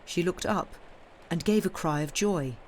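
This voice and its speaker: A woman reading a classic novel aloud on a live stream, in a steady, measured storytelling voice with the odd small restart. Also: lowish voice. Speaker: reader. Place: home streaming setup.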